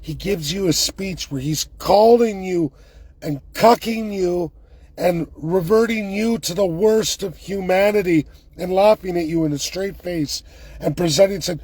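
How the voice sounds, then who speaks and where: Husky man delivering an angry rant. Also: high voice, unhurried, a little mellow, no room sound. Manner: heated, emphatic, sarcastic. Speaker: political commentator.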